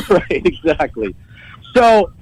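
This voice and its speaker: A man's voice: high-pitched, sing-song, extremely slow, breathy edge, poor audio. A man telling a story as a guest on a podcast, casual and profane, often stumbling and repeating words as he starts a sentence.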